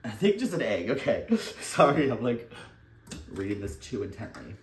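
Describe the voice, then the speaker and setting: With a voice on the low side, big pitch swings and normal speed, a young man chats candidly while baking at home for a vlog. He rambles, laughs often and swears casually, recorded indoors in his kitchen on a distant mic in an echoey space.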